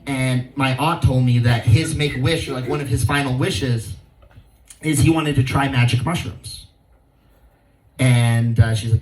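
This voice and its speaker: A man's voice: medium pitch, unhurried, pauses often, a little mellow, distant mic. A man from Hawaii doing a stand-up comedy set, telling stories in a laid-back way and acting out the people he quotes in raised voices. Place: outdoor venue with a live crowd. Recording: echoey, from off-mic, audible crowd.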